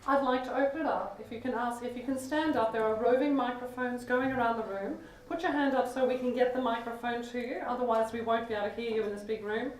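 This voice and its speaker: A woman chairing a conference panel, upbeat and giving clear instructions to the audience. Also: fairly high pitch, steady tone, fast talker, few pauses, slight background noise. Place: big conference room. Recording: echoey hall from far off.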